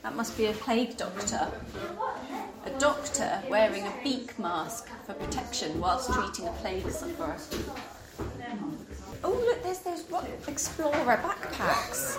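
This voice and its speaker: Lively high-voiced woman in loud noise. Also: measured pace. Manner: animated, questioning. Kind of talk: casual conversation.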